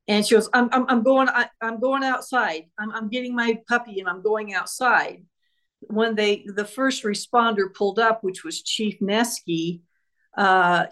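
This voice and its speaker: A woman's voice: medium pitch, fairly bright tone. A woman author, a guest on an interview show, retelling a true crime case and acting out the voices of the people involved.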